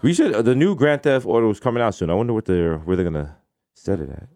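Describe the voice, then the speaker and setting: New man, profane joking co-host, lively pitch, dry close mic. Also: quick pace, no echo. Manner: profane, joking, animated storytelling. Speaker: podcast co-host. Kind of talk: casual chat.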